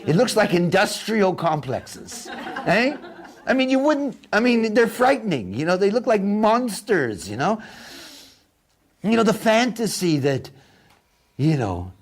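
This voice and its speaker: Husky, slow-talking sardonic man lecturing. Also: high-pitched. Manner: sardonic, mocking, animated. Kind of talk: spoken lecture.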